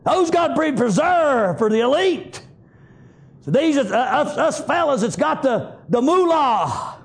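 A man preaching a fiery sermon in a church, punctuating it with shouted amens. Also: very high voice, very animated, unhurried. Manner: emphatic, shouting refrains, frequent amens. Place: church sanctuary.

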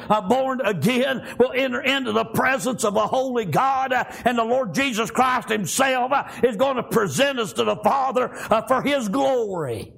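An older man preaching a fervent sermon, halting with many fillers and constant "amen" and "praise God". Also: extremely high pitch, creaky, a bit bright.

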